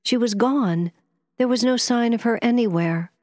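A woman narrates an audiobook in a measured, expressive storytelling style. Her voice is on the high side, recorded with clean studio sound and no room echo.

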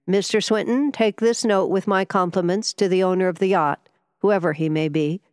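A woman's voice: medium pitch, fairly even intonation, normal speed, a little mellow, dry recording, clean studio sound, natural voice. A woman voicing a commanding, aloof older man who gives firm orders, in a storybook reading.

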